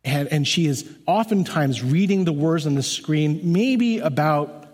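Male music leader preaching; earnest, emphatic, conversational delivery, slightly high voice, reverberant hall. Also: animated, unhurried, darkish tone. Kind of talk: sermon.

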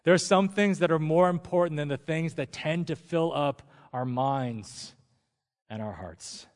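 A man preaching a sermon as a pastor, telling stories in a relaxed, conversational way. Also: fairly high pitch, measured pace. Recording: long reverb of a church hall.

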